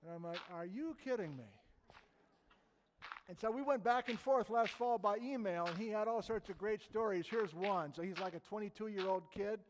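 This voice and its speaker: A man's voice: high-pitched, fairly quick, hardly any pauses, long reverb tail, noisy background. A man in his fifties giving an informal geology talk, telling stories enthusiastically with chatty, self-deprecating asides. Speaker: geologist lecturer.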